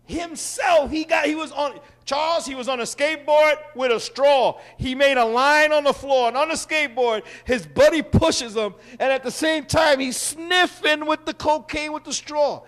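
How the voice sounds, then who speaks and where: A man from Puerto Rico hosting a show, delivering a brash, joking monologue with loud bursts. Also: very high voice, normal speed, few pauses. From Puerto Rican. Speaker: host. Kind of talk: stand-up style monologue.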